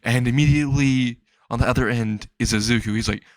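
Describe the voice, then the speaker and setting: A man rambles through an improvised fan-fiction story, excitable and quick to swear. His voice sits at a middle pitch. The sound is dry and close, with no room around it. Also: no echo.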